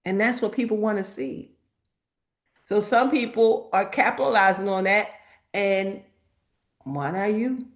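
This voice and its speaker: A woman's voice: mid-range voice, unhurried, pauses often. A woman hosting a casual live chat, telling stories and acting out the people she quotes. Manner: lively storytelling that acts out quoted people. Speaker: host.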